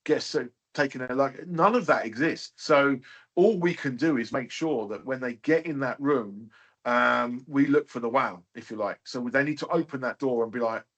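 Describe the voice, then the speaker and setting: Male hotel owner, interview guest, mid-range voice, relaxed and talkative, loose filler-heavy delivery. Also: mid-range voice, normal speed, highs cut off. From United Kingdom. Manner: chatty, many fillers like "you know". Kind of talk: casual interview chat.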